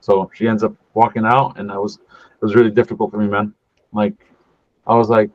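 A man's voice: lowish voice, fairly quick, long pauses, no echo. California guy telling his testimony on a podcast, talks casual like dude and man, acts out what everyone said, kinda muffled dry sound. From California, USA. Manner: animated storyteller who acts out quoted dialogue, casual with "dude" and "man". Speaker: podcast guest. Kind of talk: personal faith testimony told as a story. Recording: dull dry podcast audio.

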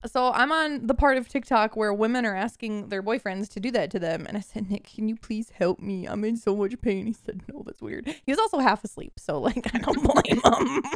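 A woman's voice: on the high side, normal speed, no echo, clean studio sound. A woman co-hosting a casual podcast with friends, telling self-deprecating stories with lots of laughter and swearing. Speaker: podcast co-host. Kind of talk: casual chat among friends. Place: lives in a cold snowy area, recording remotely.

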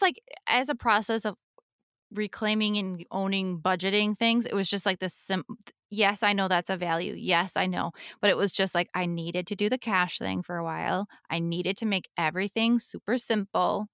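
Bright, rambling woman podcast guest. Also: medium pitch, moderate pace, dry recording, studio quality. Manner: rambling, self-interrupting, laughs often. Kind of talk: casual chat.

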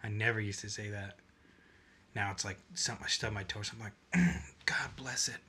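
A young man co-hosting a podcast, chatting casually and putting on quick drawled voices in his stories. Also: lowish voice, husky. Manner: animated storyteller, puts on drawled voices. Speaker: podcast co-host. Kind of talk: casual chat.

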